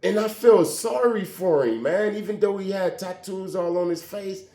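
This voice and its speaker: A man's voice: sits high, moderate pace. Man telling a story in a roomy space. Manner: animated, conversational, acts out quoted dialogue. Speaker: vlogger telling a personal story. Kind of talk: emotional storytelling monologue. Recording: roomy echo.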